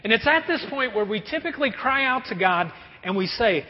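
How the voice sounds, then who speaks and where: Animated man preaching a sermon. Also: high voice, normal speed. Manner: animated, conversational, acts out prayers. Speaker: pastor. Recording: dull recording with long hall reverb.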